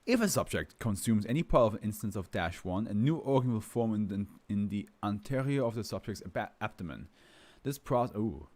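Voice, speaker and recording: A man's voice: on the low side, lively intonation, normal speed, a little mellow. A man talking in a loose, rambling way, full of fillers and laughs, then reading a document aloud as a streamer. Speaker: host reading to a live stream. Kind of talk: casual chat and reading aloud.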